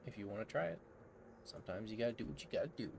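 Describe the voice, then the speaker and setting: Sleepy laid-back man streamer, low voice. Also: animated, rapid-fire, creaky. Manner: laid-back, jokey, chuckles often. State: sleepy, yawning. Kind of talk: casual gaming stream chat. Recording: background game ambience noise.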